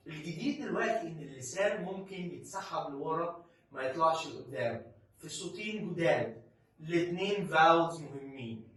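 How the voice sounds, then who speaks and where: A man's voice: fairly high pitch, fairly bright tone, very echoey, distant mic, poor audio. A man with an Egyptian Arabic accent and Arabic as his first language, teaching English pronunciation. He stretches out his model words with emphasis, then asks and answers his own questions. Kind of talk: pronunciation lesson.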